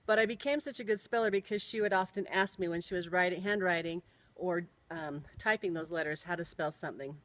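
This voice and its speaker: A woman's voice: fairly low pitch, fairly quick, no echo, low-quality recording. A middle-aged woman telling a personal story, spelling out words and sounds carefully as she goes.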